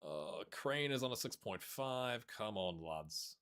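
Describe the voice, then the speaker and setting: A gaming YouTuber commentates a football management game for his viewers in a casual let's-play, chatty and quick to get excited, addressing viewers and players alike as lads. His lowish, clean-toned voice swings up and down in lively fashion, sounding bright and a little forceful throughout.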